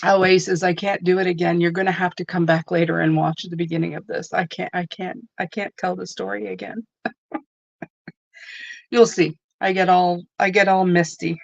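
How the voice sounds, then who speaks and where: Gravelly-voiced woman, chatty tarot host. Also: fairly low pitch, little pitch movement, normal speed, no echo, muffled recording. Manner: chatty and rambling, with many asides. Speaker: tarot reader hosting a live stream. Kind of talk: casual live-stream chat.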